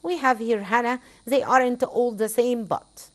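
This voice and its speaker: A woman's voice: on the high side, a little slow. An Egyptian woman teaching an English lesson, a native Arabic speaker who repeats phrases for her students and slips into Arabic to explain.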